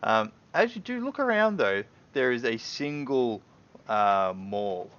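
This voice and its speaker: A man's voice: mid-range voice, very animated, takes it slowly, fairly bright tone, smooth, muffled recording. A man narrating as game master in a loose, casual way, full of fillers and hedging words.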